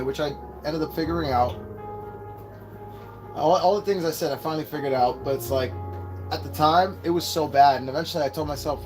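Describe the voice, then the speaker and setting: A man with a fairly high voice hosts a loose live unboxing. He rambles, swears freely and talks straight to his viewers while clear music plays behind him. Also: moderate pace, pauses often. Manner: rambling, profane, chatty with viewers. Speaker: host. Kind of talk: casual live unboxing chat.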